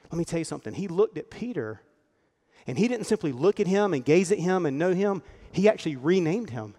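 Man, pastor, sermon, earnest conversational delivery, slightly high voice, long hall reverb. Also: lively intonation, a little fast, darkish tone. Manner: earnest, conversational preaching that acts out quoted lines.

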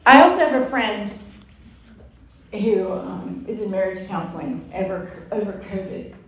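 A woman's voice: medium pitch, a little slow. Candid woman speaking in an echoey room. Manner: candid, self-mocking, animated storytelling. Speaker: Bible study speaker. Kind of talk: sermon-style teaching talk. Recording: echoey room from far off, faint ambience.

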